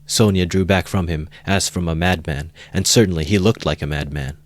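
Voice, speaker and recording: A man calmly narrating a novel as an amateur audiobook reader, in a measured way close to the mic. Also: deep voice.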